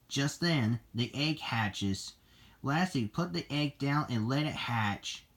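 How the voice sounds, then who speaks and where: A reader narrating a children's storybook in a slow, deliberate way. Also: mid-range voice, lively intonation, a bit bright.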